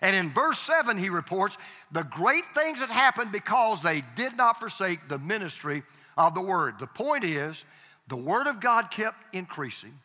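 A man's voice: high-pitched, sing-song, moderate pace, sharp tone. A man preaching a sermon as pastor, emphatic, repeating key phrases and calling on the congregation to answer. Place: church sanctuary. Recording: reverberant hall.

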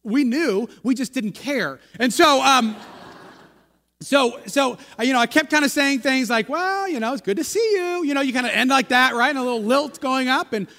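A male pastor from the United States, his voice high and bright, tells a meandering, self-deprecating story from the pulpit at normal speed. He often breaks off to address the congregation, and the sanctuary's long reverb carries his words.

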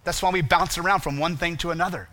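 A man preaching a sermon in a bright, fairly high voice. He pushes his points with rhetorical questions, then sinks into a hushed, low tone to let a line land. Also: steady tone, fast. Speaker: pastor.

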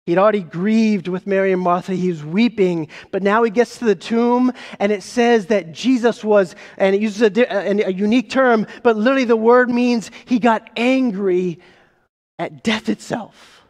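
A man preaching a sermon as pastor, emphatic, asking rhetorical questions and slowing down on key phrases. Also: high voice, darkish tone. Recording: long reverb of a large hall.

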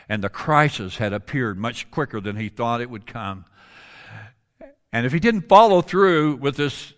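A man preaching a sermon, telling a story with dramatic swings between loud and hushed delivery. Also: medium pitch.

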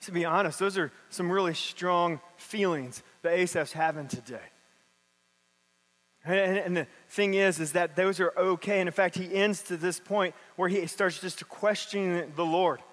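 A man's voice: high-pitched, moderate pace, a bit bright. A man preaching a sermon in a church, reading scripture and then talking about it in a casual, conversational way. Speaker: pastor. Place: church sanctuary. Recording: long hall reverb.

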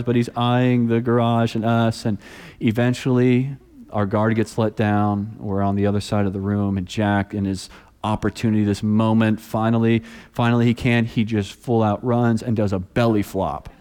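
A man's voice: medium pitch, clear, resonant tone, long reverb tail. A man in his thirties preaching a sermon, telling stories and acting out the people in them. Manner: storytelling, animated voices for quoted people. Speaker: pastor.

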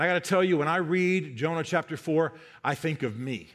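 A male pastor delivers a sermon in a fairly high voice. He is emphatic and drives his points home by repeating key phrases. His delivery stays direct and urgent. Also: brisk, few pauses, fairly bright tone.

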